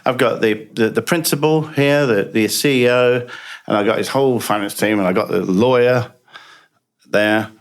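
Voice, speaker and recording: A man telling a business anecdote as a podcast guest, lively and repetitive, acting out bits of dialogue as he goes. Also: medium pitch, normal speed. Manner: lively, repeats words and restarts, acts out dialogue. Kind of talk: animated business storytelling.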